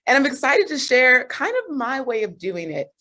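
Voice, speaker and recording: A woman coach telling a personal story on a group video call, animated and laughing often. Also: high voice, normal speed. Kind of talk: motivational group call talk.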